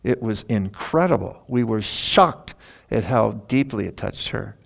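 A middle-aged man, a pastor, telling a story in a sermon in an earnest, animated way. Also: fairly low pitch, measured pace, gravelly. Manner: earnest, animated retelling with emphatic rises.

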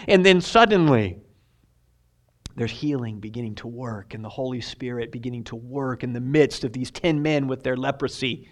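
A man preaching a sermon as pastor, telling the story vividly and swinging between loud emphasis and hushed asides. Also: mid-range voice, normal speed.

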